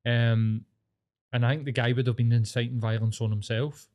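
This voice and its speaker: A man's voice: mid-range voice, steady tone, moderate pace, darkish tone. A Scottish man co-hosting a podcast, chatting casually, blunt and full of swearing, working himself up into rants. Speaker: podcast co-host.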